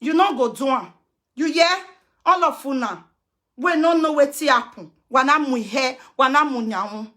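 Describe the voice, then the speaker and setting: A Nigerian woman with a Pidgin-mixed accent, ranting loudly and confrontationally in a social media video, breaking into chants. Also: high voice, moderate pace.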